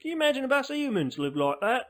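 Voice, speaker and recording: A man's voice: very high-pitched, big pitch swings, fast. A man voicing a blunt, mocking male pal full of colloquial slang in a cartoon. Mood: sardonic. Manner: sardonic, uses colloquial slang.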